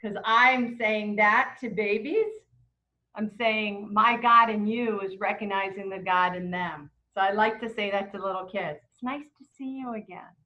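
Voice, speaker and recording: A middle-aged woman leading a book club, telling stories in a relaxed way and acting out the quotes. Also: mid-range voice, measured pace, highs cut off. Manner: warm anecdotal storytelling with acted quotes. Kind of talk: casual book club talk.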